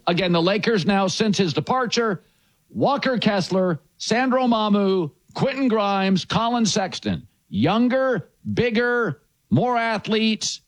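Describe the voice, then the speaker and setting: A man hosting a sports talk show, giving blunt, emphatic opinions in punchy phrases. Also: high voice.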